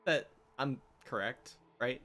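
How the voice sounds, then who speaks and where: A man's voice: medium pitch, takes it slowly, a loud crowd. A man hosting a game stream, chatting casually and rambling with laughs between thoughts. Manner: rambling, laughing, reads chat aloud. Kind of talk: casual chat before a tabletop game stream. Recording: dull lo-fi stream audio.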